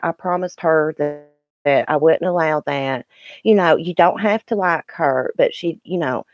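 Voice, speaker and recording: A woman's voice: sits low, a little mellow, no echo, clean studio sound. A middle-aged woman, chatting emotionally and ramblingly to viewers in a morning live stream, recorded on her phone.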